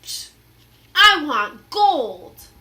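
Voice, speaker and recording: Lady doing a grumpy roaring pirate captain, loud and blustery, storybook voice. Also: sits high, big pitch swings, drawn-out words, pitched above the performer's own voice, heavily acted. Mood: gruff roaring. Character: big mean grumpy male pirate captain.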